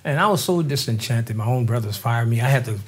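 A husky older man from New Orleans, speaking at a middle pitch in a loose, chatty interview. He tells his stories with lively turns, acting out the voices of the people in them and laughing along the way. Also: fairly quick. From New Orleans, Louisiana. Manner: animated storyteller, acts out quoted voices, laughs often. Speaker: guest drummer. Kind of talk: casual interview storytelling.

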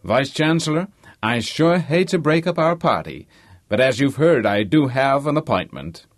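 A man's voice: medium pitch, animated, moderate pace, no echo, studio quality, pitched above the performer's own voice, natural voice. A man doing an expansive American tycoon. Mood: breezy. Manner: expansive, breezy. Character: brash wealthy American businessman.

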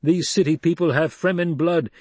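A man reading an audiobook, voicing a young male desert war leader in a firm, measured, authoritative way. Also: a little high, a little mellow, husky, no room sound, pitched above the performer's own voice. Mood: commanding.

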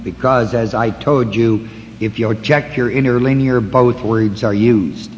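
Guy teaching bible study real slow and careful, echoey hall, bit of hiss. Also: mid-range voice, darkish tone, dull audio. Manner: slow, deliberate, pausing to point out references.

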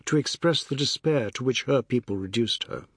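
A man reading a novel aloud as an audiobook narrator, in a measured literary manner. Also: medium pitch, breathy edge, dry recording, studio quality. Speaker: audiobook reader. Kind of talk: scripted narration.

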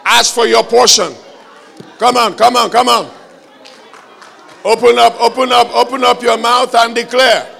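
Preacher guy shouting a revival sermon, real high gravelly voice, bright edge, crowd faint behind. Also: fairly even intonation, unhurried, pauses often. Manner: fervent, repetitive exhortation.

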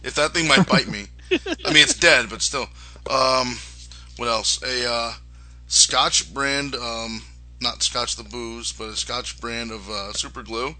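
A man's voice: medium pitch, measured pace, sharp tone. A man co-hosting a casual podcast, rambling with lots of hesitations. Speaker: podcast co-host. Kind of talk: casual chat.

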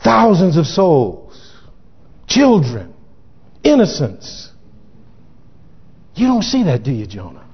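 A preacher voicing a soft, compassionate God. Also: male voice, fairly high pitch, huge pitch swings, breathy edge, exaggerated voice. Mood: gentle. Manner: slow, hushed and gentle. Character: patient, compassionate God, male, speaking softly. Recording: dull lo-fi recording in echoey hall.

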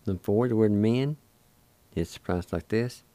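A man with a Cherokee accent leads a radio language lesson, spelling each word letter by letter before sounding it out. He speaks very slowly and deliberately in a low, mellow voice. The sound is dry and close. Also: no echo. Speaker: radio language program host. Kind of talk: slow spelled-out pronunciation lesson.

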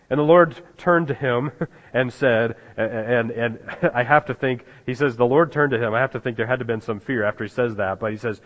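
A male pastor delivers a relaxed, conversational sermon, stopping often to restart his sentences. His voice sits at an ordinary middle pitch. The recording is muffled, and it rings with the long reverb of a large church hall. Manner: halting, many fillers and restarts, chuckles at the text. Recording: dull sound in a reverberant hall.

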